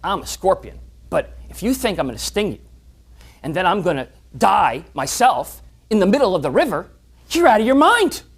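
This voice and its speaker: A speaker voicing a cunning scorpion that coaxes and then states its nature flatly. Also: mid-range voice, moderate pace, slightly rough, pitched below the performer's own voice. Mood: coaxing.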